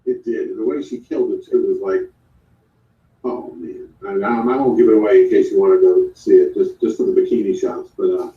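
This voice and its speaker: A man co-hosting a casual chat, talking haltingly with many restarts. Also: on the low side, fairly even intonation. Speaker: co-host. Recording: dull, echoey sound from far off.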